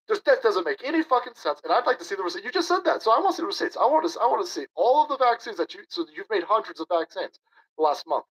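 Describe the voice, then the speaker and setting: A man's voice: fairly high pitch, a bit bright, low-quality recording. A man doing a profane, mocking reaction commentary on a video clip as a streamer.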